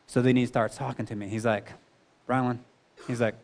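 A man's voice: medium pitch, flat delivery, moderate pace, pauses often. A man in his thirties sharing a personal testimony, earnest and conversational, leaning on "you know" as he talks.

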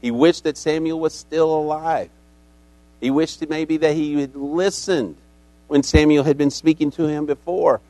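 A man's voice: a little high, fairly even intonation, measured pace, dark tone, no room sound. A man preaching a sermon as a pastor, telling the story dramatically and acting out its characters.

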